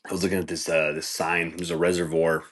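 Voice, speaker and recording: Speaking fast with little pitch movement, this podcast host has a bright, forceful, slightly rough voice. He tells stories in a relaxed, rambling monologue, cursing often and leaning on "like" and "dude," and leaps much higher when voicing quoted characters.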